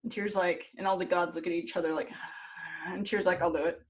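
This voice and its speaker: A woman's voice: on the low side, fairly even intonation, brisk. A woman podcast host telling a story casually in a loose, jokey way, with fillers and the odd curse.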